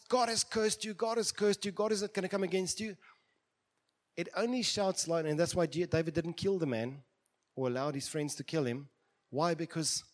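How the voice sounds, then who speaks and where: A man delivers a sermon in a fairly high voice. He preaches dramatically, acting out the characters in the stories he tells and moving between hushed passages and loud ones. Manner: dramatic, acts out quoted voices, shifts from quiet to loud.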